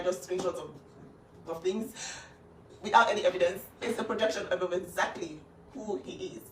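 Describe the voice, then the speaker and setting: A woman's voice: lowish voice, echoey room, recorded from a distance, slight background noise. A woman speaking up for her younger sister in an emphatic, insistent casual talk. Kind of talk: emotional casual talk to camera.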